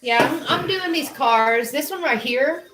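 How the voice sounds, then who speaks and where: A woman's voice: high voice, a little slow, a bit bright, faint music behind. A woman in casual chat while painting miniatures, easygoing and chiming in with short agreements. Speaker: co-host of a painting stream. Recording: echoey room.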